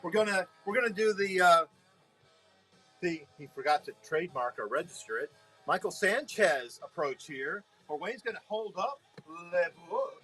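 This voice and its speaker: A man hosting and running a comic livestream, brisk and directing the guests. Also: sits high, animated, a bit bright, low-quality recording. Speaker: livestream producer host. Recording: faint music in the background. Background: faint music.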